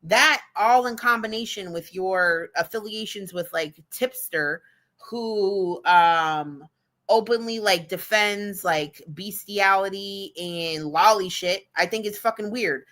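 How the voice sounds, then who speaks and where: A woman livestreamer talks bluntly and swears freely, circling her points with fillers. Her voice is bright and forward. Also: mid-range voice, takes it slowly. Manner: blunt, profane, rambling with fillers. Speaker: streamer reacting to clips. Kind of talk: casual livestream commentary.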